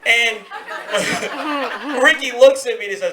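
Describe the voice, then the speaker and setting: A man telling a stand-up story in a club, his voice high, bright and sharp. He swings widely in pitch as he acts out scenes, and the live room gives a roomy echo with the audience's laughter behind him. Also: slow, long pauses, slight background noise. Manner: animated, acts out voices, laughs along with crowd. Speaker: stand-up comedian. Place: comedy club stage.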